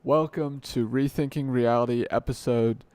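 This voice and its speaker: A young man talks through his unscripted podcast, wandering off track and poking fun at himself along the way. His voice sits at an ordinary middle pitch. The sound is close and dry, with no room echo, from a desk mic at home. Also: steady tone, normal speed, a little mellow, smooth. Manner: rambling, self-correcting, joking at himself. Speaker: podcast host. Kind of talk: unscripted solo podcast talk. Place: home room at night, dim light.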